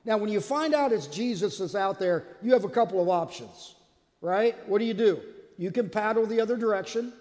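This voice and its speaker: A man preaching a sermon as lead pastor, telling stories and acting out the quotes with lively energy. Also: high voice, brisk, long reverb tail. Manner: animated storyteller, acts out quotes.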